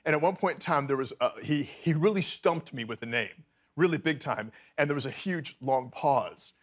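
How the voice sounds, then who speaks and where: A man in his fifties, a talk show guest, chatting in an animated way with stammers and quick laughs. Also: on the high side. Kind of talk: casual chat. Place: TV studio.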